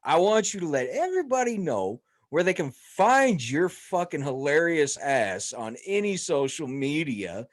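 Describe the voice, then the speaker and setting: A man's voice: on the high side, very animated, a little slow, hardly any pauses. A man hosting a podcast, laid-back and joking, with a casual profane way of talking. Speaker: podcast host.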